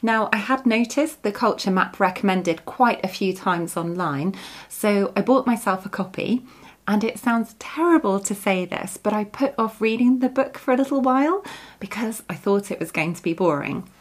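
A woman hosting her own podcast, chatty and easygoing as she recommends a book to listeners. Her voice sits at a middle pitch. She sounds like she is in her thirties. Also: moderate pace. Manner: chatty, breaks into giggles while reading aloud. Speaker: podcast host. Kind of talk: book review monologue.

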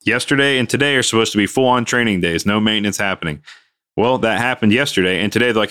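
A man's voice: lowish voice, fast talker. A man co-hosting a casual podcast, telling a work story and acting out what people said. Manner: animated, acts out quoted dialogue. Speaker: podcast co-host.

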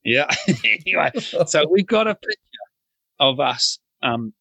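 Bright-voiced New man telling stories. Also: a little high, big pitch swings, unhurried, creaky, no echo. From New Zealand. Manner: chuckling storyteller. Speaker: guest. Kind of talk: casual anecdote.

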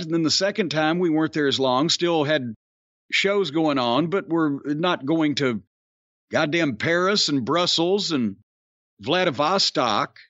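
Male podcast host, high voice, profane and wisecracking, dry muffled recording. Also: a bit bright, no echo. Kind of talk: casual podcast talk. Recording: dry, dull lo-fi sound.

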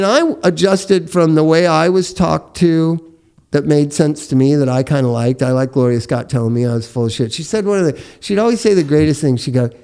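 A man hosting a casual podcast chat, telling stories in an animated way and laughing often. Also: a little high, gravelly. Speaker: podcast host.

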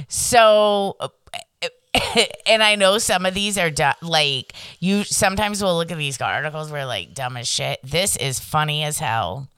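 A brash, profane woman co-hosting a casual podcast, laughing often. Her voice is bright and crisp, and her pitch swings widely. The sound is dry and close. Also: takes it slowly, no room sound. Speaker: podcast co-host. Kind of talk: casual chat.

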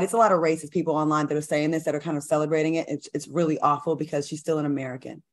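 A woman with a fairly low voice co-hosts a casual news show. She talks in a loose, chatty way, full of fillers. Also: fairly even intonation, fast. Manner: conversational, chatty, uses many fillers. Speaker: co-host.

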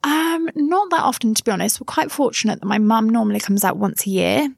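Woman with a southern English accent, thirties, gravelly voice, chatty and frank, dry close sound. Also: on the high side, brisk, dry recording. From England. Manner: chatty, frank, laughs easily. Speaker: interviewee, mother living abroad. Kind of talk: casual interview chat.

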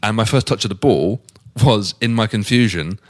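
A man's voice: on the low side, normal speed. A man hosting a football podcast, talking in a conversational way with hesitant restarts. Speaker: podcast host. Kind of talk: casual podcast chat.

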